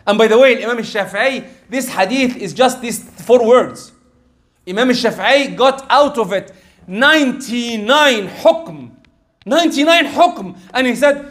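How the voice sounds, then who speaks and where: A man with a high voice preaches a sermon. He talks in an animated way, dropping into soft asides and then calling out. Now and then he recites verses in quick Arabic. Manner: animated, shifts between quiet asides and raised exclamations; recites Quranic Arabic in a fast chant.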